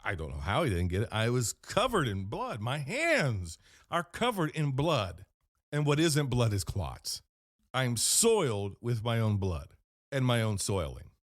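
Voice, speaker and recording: A man hosting a podcast, rambling through a comedic in-character monologue with deadpan storytelling and self-corrections. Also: mid-range voice, unhurried, no room sound, studio quality. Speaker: podcast host.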